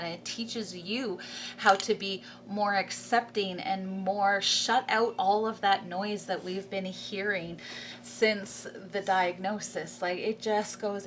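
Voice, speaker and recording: Slow-talking enthusiastic mom vlogger. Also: female voice, mid-range voice, slight background noise. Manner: enthusiastic, repeats words for emphasis; laughs often mid-sentence. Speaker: homeschooling mother. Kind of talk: casual vlog talk to camera. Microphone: camera.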